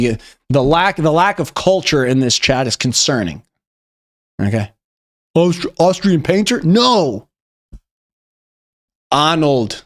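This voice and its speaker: A young man streaming, chatting casually and joking as he reviews memes in quick rambling asides. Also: medium pitch. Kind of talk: casual chat.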